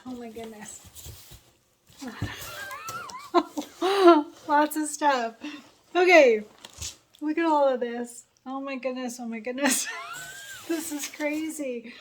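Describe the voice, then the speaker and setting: A woman's voice: high-pitched, slight background noise. A woman hosting a sewing channel, gushing and laughing as she unboxes a sponsor's package. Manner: gushing, excited, laughs often. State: a little choked up. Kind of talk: unboxing vlog.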